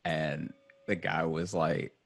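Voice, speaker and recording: Deep-voiced man telling a story. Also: takes it slowly, gravelly. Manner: animated storyteller, rising and louder when acting out scenes. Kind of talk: casual podcast chat.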